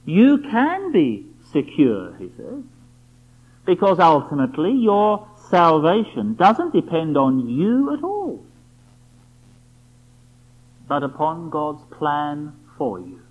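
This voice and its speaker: A man's voice: a little high, wildly swooping pitch, slow pace, husky. A man preaching a sermon, emphatic and full of rhetorical questions aimed at the listener. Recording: dull lo-fi recording.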